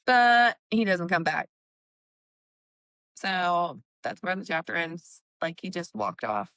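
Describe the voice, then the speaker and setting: Woman book-chat host, casual and animated; smooth resonant tone, dry sound. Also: on the low side, slow, no room sound. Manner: animated recapping, acts out quotes, swears. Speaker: book club podcast host.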